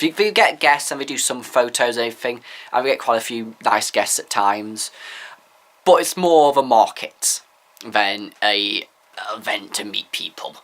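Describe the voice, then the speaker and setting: A man's voice: medium pitch, moderate pace, a bit bright. Man, vlogger, casual opinion vlog, rambling, candid, opinionated.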